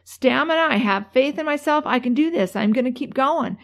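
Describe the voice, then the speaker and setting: A woman's voice: high voice, lively intonation, fairly quick, vocal fry, voice pushed up. A woman voicing a little boy giving himself a determined pep talk in a race. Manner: resolute self-talk.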